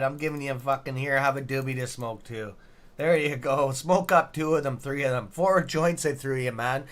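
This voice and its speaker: At a normal speed and with a mid-range, fairly bright tone, a middle-aged man hosts a trading live stream. His casual banter includes reading chat messages out loud and some loose cursing.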